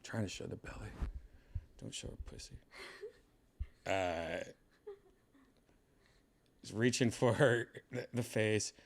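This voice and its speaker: A man's voice: on the low side, slow pace, long pauses, a little hiss or hum. A man hosting a casual home vlog, rambling in a laid-back way while showing his cats in a room at home. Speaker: host showing his pets.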